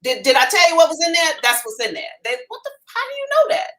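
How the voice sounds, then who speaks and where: A woman hosting a live psychic reading, talking in a blunt, profane and animated way. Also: very high-pitched, quick pace.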